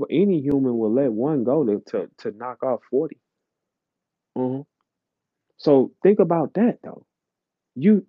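A man hosting a live audio chat room rants bluntly and profanely, lecturing his listeners. His voice sits high, with no room sound, over a dull lo-fi chat stream.

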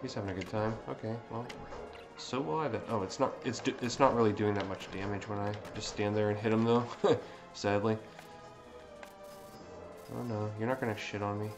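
A man giving live commentary on his own gameplay, swearing constantly and breaking into excitable outbursts. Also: on the low side, normal speed. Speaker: let's play streamer. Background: game music.

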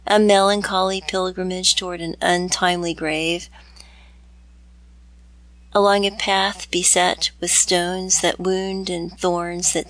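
A woman's voice: medium pitch, a bit bright, no room sound. A woman reading aloud as a tormented young man in a storybook, grave and melancholy. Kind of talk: audiobook reading.

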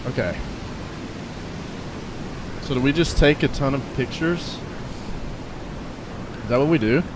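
A man streaming a storm-chasing game live, hyped up, shouting thanks to donors and sometimes out of breath. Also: mid-range voice, unhurried, noisy background. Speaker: gaming streamer.

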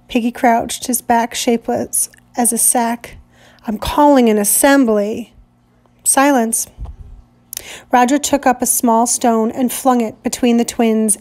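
A woman teacher reading a novel aloud in a measured, deliberate way. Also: a little high, warm tone.

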